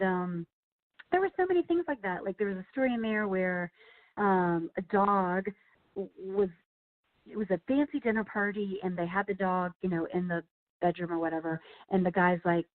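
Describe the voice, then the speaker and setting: A woman's voice: medium pitch, moderate pace. Woman, chatty guest author, filler-heavy storytelling, tinny phone-line sound. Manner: chatty storyteller, lots of "you know" and "like". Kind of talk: casual interview chat.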